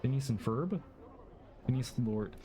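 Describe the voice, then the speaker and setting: A man's voice: mid-range voice, animated, dark tone, a little hiss or hum. A man streaming a game, talking casually with many halts, restarts and fillers. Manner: halting, stammering, lots of fillers.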